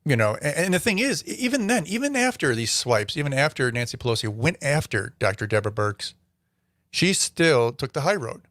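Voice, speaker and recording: A man's voice: medium pitch, big pitch swings, a little fast, fairly bright tone, no echo. Opinionated man in a dry room. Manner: opinionated, rambling with fillers. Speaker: host. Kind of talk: opinion commentary monologue.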